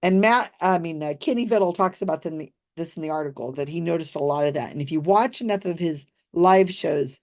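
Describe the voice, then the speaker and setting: Lower-voiced woman retelling events skeptically. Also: brisk, few pauses. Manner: animated retelling, acts out quoted lines. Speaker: skeptical commentator on psychics. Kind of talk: casual storytelling commentary.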